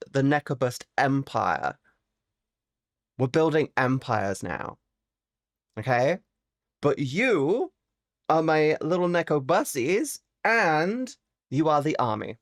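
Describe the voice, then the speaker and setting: A woman live streamer with a fairly low voice chats with her viewers in a playful, teasing way, swearing freely. Her pitch swings widely, with sudden high squeaky exclamations, while she mostly talks at an unhurried pace. The sound is dry and close, with no room echo. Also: sing-song.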